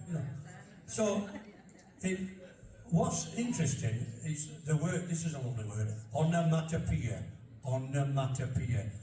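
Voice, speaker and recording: A man's voice: a little high, animated, measured pace, warm tone, a little hiss or hum. An older man with a Barnsley Yorkshire accent giving a chatty talk to an audience, folksy and anecdotal, repeating himself as he goes. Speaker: local speaker on dialect. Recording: roomy hall from far off.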